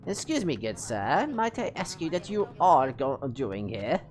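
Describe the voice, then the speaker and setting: A woman's voice: low-pitched, sing-song, unhurried, darkish tone. A woman voicing a prim male paper gatekeeper in a formal, pompous put-on British accent. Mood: haughty.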